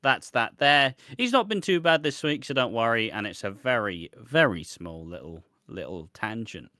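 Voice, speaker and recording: A man's voice: medium pitch, animated, normal speed, bright, forceful tone, no echo, clean studio sound. A man co-hosting a casual podcast, blunt and teasing, swearing often. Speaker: podcast co-host.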